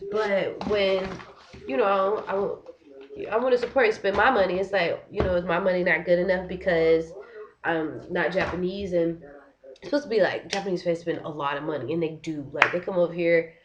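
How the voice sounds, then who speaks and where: A woman's voice: lowish voice, normal speed, noisy background. Young woman ranting to her camera, lots of "like", kinda frustrated, audio a bit dull. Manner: frustrated, animated, heavy use of "like". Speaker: vlogger. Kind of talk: casual vlog rant. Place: living in Korea.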